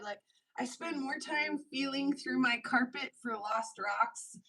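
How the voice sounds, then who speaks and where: On a casual craft livestream, a jewelry-making host talks in an unhurried way with a slightly high, pushed, bright voice. She's chatty, laughs a lot, and pokes fun at herself as she works, while the rough recording carries a little hiss or hum.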